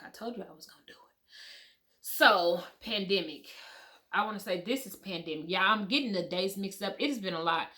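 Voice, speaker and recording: Animated woman telling a storytime. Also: lowish voice. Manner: animated, talks straight to viewers, swears casually. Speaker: vlogger telling her story. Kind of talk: casual storytelling.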